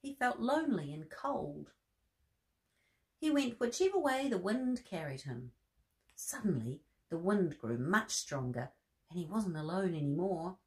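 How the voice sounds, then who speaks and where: A woman reading a bedtime story aloud to children, expressive, with soft gasps and friendly asides. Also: fairly low pitch, a little slow.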